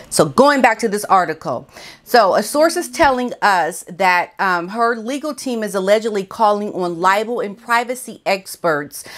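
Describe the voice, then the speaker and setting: A woman vlogger giving casual, animated commentary and talking straight to her viewers. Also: medium pitch.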